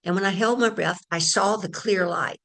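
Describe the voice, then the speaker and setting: A woman's voice: mid-range voice, normal speed, fairly bright tone. A woman giving a casual spiritual talk, telling a story in a chatty way and addressing her listeners directly. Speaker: spiritual teacher.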